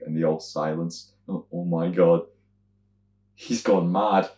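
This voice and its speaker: Speaking slowly in a reverberant space, a young man from Scotland co-hosts a podcast and spins stories in casual conversation. He's an animated storyteller who swears freely and voices other people's lines loudly and in a high pitch.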